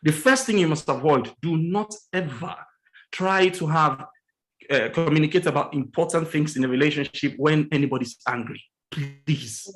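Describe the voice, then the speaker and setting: A man giving an earnest teaching talk about relationships as a guest on a religious morning show, slowing down and stressing key words and repeating his points. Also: low-quality recording. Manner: acts out quoted dialogue with lively pitch jumps.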